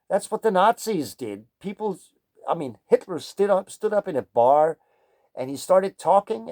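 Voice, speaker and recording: A man's voice: mid-range voice, mellow. A Danish man with a Danish accent, a music teacher talking in a digressive monologue and often groping for words. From Denmark. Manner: digressive, gropes for words with many fillers. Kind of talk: rambling spoken monologue.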